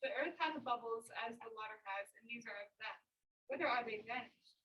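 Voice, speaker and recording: A woman's voice: on the high side, fairly quick, highs cut off, noisy background, natural voice. A woman reading the part of a wary, questioning nobleman aloud in class, plainly and with small restarts. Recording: far-off mic in echoey classroom.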